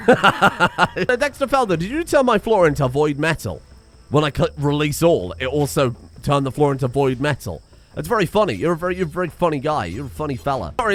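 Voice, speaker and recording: Lively excitable man gaming. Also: fairly high pitch, normal speed, soft background music. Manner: excitable, sweary, laughs often. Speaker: gaming streamer. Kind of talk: let's play commentary.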